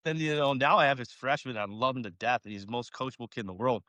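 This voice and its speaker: A man's voice: medium pitch, fast, a bit bright, no echo. A man, a college baseball coach, talking casually in a podcast interview, rambling with lots of fillers and acting out conversations.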